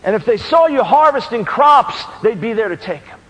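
High-voiced man preaching in a reverberant hall. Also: expressive, moderate pace, husky. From New York. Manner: impassioned, building to shouted rhetorical questions. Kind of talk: sermon.

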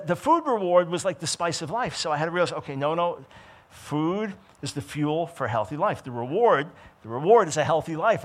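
An older man telling a personal story and preaching with animated emphasis. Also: on the high side. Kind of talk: testimony sermon.

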